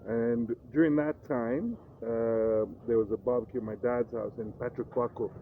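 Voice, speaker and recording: A man's voice: mid-range voice, moderate pace. A middle-aged man with a Kenyan accent, a guest telling his story in a casual interview, acting out voices as he goes. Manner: animated storyteller who acts out voices. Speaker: guest, radio personality. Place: hotel. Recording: tinny phone-like sound, faint noise.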